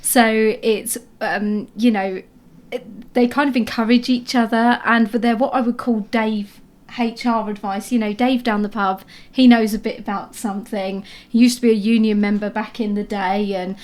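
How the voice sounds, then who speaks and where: A woman talks through HR advice in a frank, chatty way. Her voice sits on the higher side, and she speaks straight to her listeners like a co-host. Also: steady tone, normal speed, darkish tone. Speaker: HR adviser and podcast co-host. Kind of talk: casual advisory chat.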